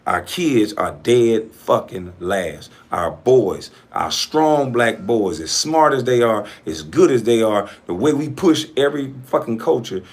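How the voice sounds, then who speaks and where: A middle-aged man from coastal Georgia rants straight to camera in a vlog, cussing freely and hammering his points with repetition. His voice sits at an ordinary middle pitch for a man, and his delivery is blunt and casual. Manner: profane, forceful ranting with repetition. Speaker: entrepreneur vlogger.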